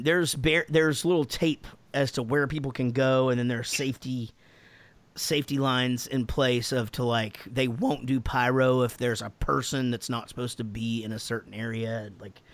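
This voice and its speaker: A man's voice: mid-range voice, fairly even intonation, moderate pace, a bit bright. An American man in casual podcast chat, answering fan questions with lots of laughing, swearing and restarts. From United States. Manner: laughing, profane, rambling with restarts.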